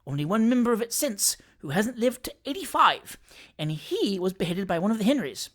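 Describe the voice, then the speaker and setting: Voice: medium pitch, sing-song, fairly quick, pitched above the performer's own voice. A narrator voicing Perker, a fussy little attorney. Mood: coaxing. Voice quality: soothing, wheedling, keeps repeating "my dear sir". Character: bustling, fussy little male attorney, ingratiating. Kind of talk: audiobook character reading.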